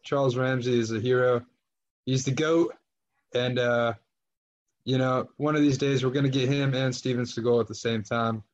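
Laid-back podcast host, dull lo-fi sound. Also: male voice, mid-range voice, steady tone. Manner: laid-back, slow, drawling, swears casually. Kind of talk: casual crude chat.

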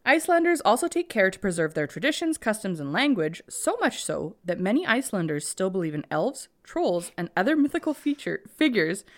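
Woman podcast co-host, dry teasing banter, reads notes steadily, expressive pitch. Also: a little fast, hardly any pauses. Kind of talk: casual chat, reading research notes.

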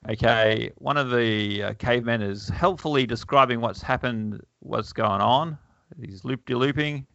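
Gravelly, bright-voiced man chatting wryly. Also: medium pitch, a little slow, no echo. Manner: wry, chuckling, lots of fillers. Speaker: podcast host. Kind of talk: casual chat reading a comic aloud. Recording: dull lo-fi, dry.

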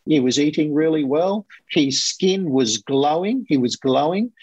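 A man coaching guest telling a client's success story in a lively, conversational way, acting out other people's lines as he goes. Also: a little high, measured pace, slightly rough, dry recording, low-quality recording. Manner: animated, quotes others in lively voices.

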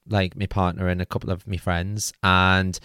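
A man's voice: low-pitched, level tone, normal speed, sharp tone, clean tone, no echo, clean studio sound. A man, telling a comic personal story in a chatty, swearing way and acting out his own frantic quotes. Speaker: podcast host.

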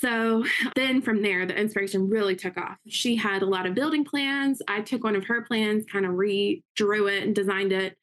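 A woman's voice: mid-range voice, fairly even intonation, a bit bright. Upbeat woman telling her story. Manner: upbeat, quick storytelling with acted quotes. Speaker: interview guest, realtor and investor. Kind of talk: casual interview talk.

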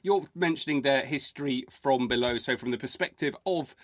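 Wry, relaxed man, a historian. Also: mid-range voice, moderate pace, no room sound. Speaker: historian and podcast co-host. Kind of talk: conversational podcast talk. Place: home, recording remotely.

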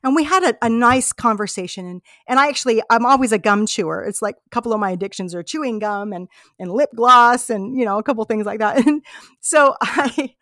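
A woman's voice: on the high side, fairly quick, a bit bright, no echo, studio quality. A woman hosting a podcast, telling personal travel stories in an earnest, heartfelt, reflective way. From United States. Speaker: podcast host. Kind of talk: personal storytelling monologue.

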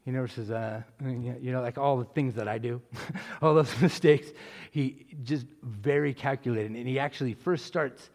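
Rambling pastor in an echoing hall. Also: male voice, medium pitch, a little slow, gravelly. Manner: rambling with restarts, building to loud preaching. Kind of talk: testimony answering a question, church talk. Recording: long hall reverb.

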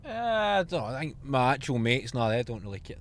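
A man's voice: mid-range voice, very animated, fairly quick. Chatty scottish man in a car. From Scotland. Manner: joking, chatty storyteller. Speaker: passenger guest. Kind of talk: casual chat in a car. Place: inside a car.

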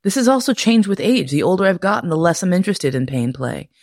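A woman hosting a podcast, telling candid personal stories in a profane, animated way and laughing often. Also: lowish voice, fast talker, no room sound, studio quality. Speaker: podcast host. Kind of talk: candid personal storytelling monologue.

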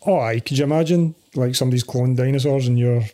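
A Scottish man in his forties, hosting a casual film podcast in a relaxed, chatty way with plenty of fillers. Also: medium pitch, quick pace. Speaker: podcast host. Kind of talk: casual film commentary chat.

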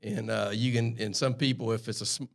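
A man with a South Carolina Lowcountry Southern accent, a guest chatting casually about flying and cooking, easygoing and agreeable. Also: steady tone, a little fast, gravelly. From South Carolina, USA. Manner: easygoing, agreeable, keeps saying "that's right". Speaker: guest, airline pilot. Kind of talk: casual podcast conversation.

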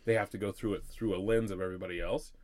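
A man in his thirties, co-hosting a casual podcast and giving his opinions in an animated, rambling way. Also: low voice, very fast. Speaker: podcast co-host. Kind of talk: casual chat.

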